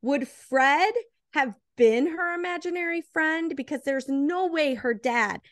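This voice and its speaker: A woman's voice: high voice, a little slow, no echo. Inquisitive woman with a dry close sound. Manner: inquisitive, poses theories and questions. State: drinking while talking. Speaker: podcast co-host. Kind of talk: casual movie review chat.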